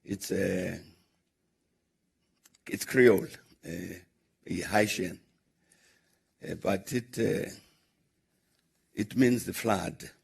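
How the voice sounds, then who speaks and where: Answering questions, an older South African man who once led the country recounts conversations in a lengthy story. His delivery is measured and studded with "uh" pauses, and his low-sitting voice is husky and gravelly.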